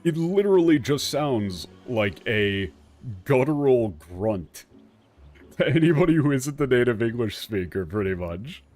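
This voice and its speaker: A man's voice: medium pitch, sing-song, unhurried, a little mellow, faint music behind. A man streaming a video game, chatting casually in a rambling way and laughing often. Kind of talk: casual gameplay commentary.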